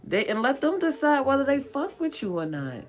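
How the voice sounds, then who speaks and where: A woman's voice: sits high, very animated, moderate pace, soft background music. A woman reading tarot cards for viewers in a casual way. She is blunt, profane and encouraging, and she repeats her points for emphasis. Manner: coaxing and encouraging. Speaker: tarot card reader.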